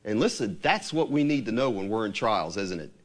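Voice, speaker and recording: A man's voice: lowish voice, very animated, brisk. A man preaching a sermon who reads scripture aloud and asks his listeners questions.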